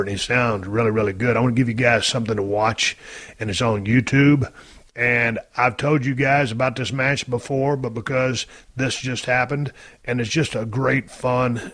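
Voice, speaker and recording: A man's voice: medium pitch, fairly bright tone, dry recording. A middle-aged man, hosting a podcast in a folksy, rambling way and swearing casually. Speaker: podcast host. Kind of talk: casual podcast talk and ad reads.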